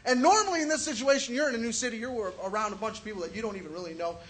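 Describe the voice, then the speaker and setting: High, bright-voiced profane stand-up comic. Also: male voice, rapid-fire. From Chicago area. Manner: crude, profane storytelling with acted-out quotes. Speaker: stand-up comedian. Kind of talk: stand-up comedy set.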